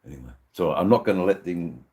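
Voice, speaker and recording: Very deep-voiced Australian bloke rambling. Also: male voice, expressive, fast talker, darkish tone. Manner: rambling, sweary, laid-back banter. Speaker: livestream host. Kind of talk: casual live-stream chat.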